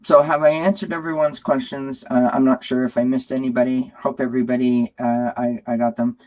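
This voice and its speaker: A woman in her forties hosting a live stream from home, chatting warmly with viewers and cooing at her cats, with lots of fillers. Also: rumbling low, flat delivery, a little fast, rough recording. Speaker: tarot channel host.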